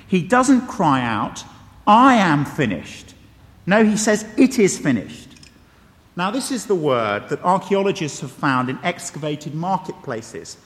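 High-voiced preacher in a reverberant hall. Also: male voice, fairly bright tone. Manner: conversational, wry asides, emphatic repetition. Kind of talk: sermon. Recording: long reverb of a large hall.

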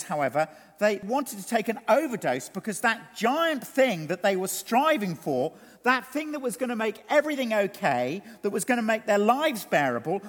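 Male preacher, high and very expressive voice, long hall echo; theatrical delivery. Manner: animated, dramatic preaching with wide swings of pitch and loudness. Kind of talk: sermon.

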